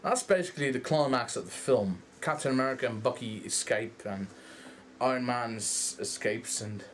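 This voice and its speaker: A young man with a Dutch accent, rambling through a casual, animated movie review and swearing freely. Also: mid-range voice, moderate pace, a little hiss or hum. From Netherlands. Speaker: vlogger.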